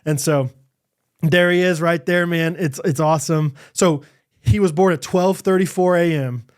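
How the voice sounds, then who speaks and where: Podcast co-host, man in his 30s, high-pitched and animated storyteller, acts out quotes, laughs a lot. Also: moderate pace, smooth. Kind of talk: casual chat.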